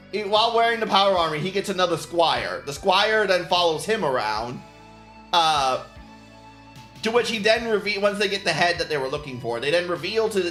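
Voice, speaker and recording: Painting on a casual stream, this man rambles, curses freely, and breaks into laughter frequently. The voice is high with a sharp tone, and the sound is reverberant.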